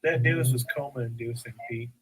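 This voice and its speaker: A man's voice: medium pitch, normal speed, husky, rough recording. A man hosting a casual podcast chat, dry and sarcastic in his remarks. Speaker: podcast host.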